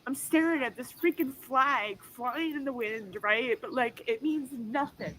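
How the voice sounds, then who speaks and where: A woman's voice: high voice, a little slow, a bit bright, slight background noise, low-quality recording. A woman in her forties, upset and tearful, swearing as she talks into her phone in an emotional vlog after an arrest. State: crying. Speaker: vlogger.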